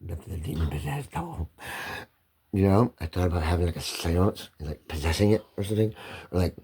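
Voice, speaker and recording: A man's voice: deep voice, animated, a little fast, vocal fry, dark tone, slightly rough. A man hosting a casual chat, teasing his co-host and swearing freely as he laughs his way through a story. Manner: profane, laughing often.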